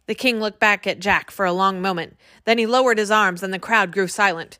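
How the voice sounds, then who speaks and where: A woman narrating a children's audiobook with an expressive reading. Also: mid-range voice, brisk, few pauses, dry recording, studio quality.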